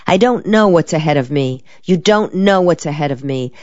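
A woman's voice: low voice, animated, normal speed, a little mellow, dry recording, highs cut off. A woman reading the lines of an earnest, determined young male soldier in a clipped, serious way.

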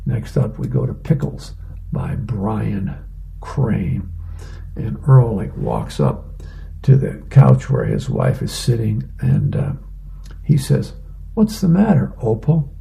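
A man reading the newspaper comics aloud for a radio reading service, casual and relaxed with fillers. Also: fairly low pitch, slow pace, vocal fry, rough recording. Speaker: volunteer newspaper reader.

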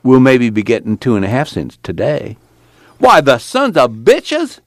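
A man voicing a gruff, flustered older farmer father with a drawl, blustering and demanding. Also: on the low side, brisk, darkish tone, no echo, clean studio sound, pitched above the performer's own voice. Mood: indignant.

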